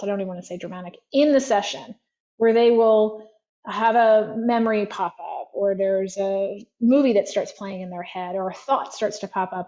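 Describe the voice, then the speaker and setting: A woman practitioner appears as a guest, telling stories in an easy, chatty way and filling her speech with "like." Her mid-range voice has a dark tone, and the highs are cut off.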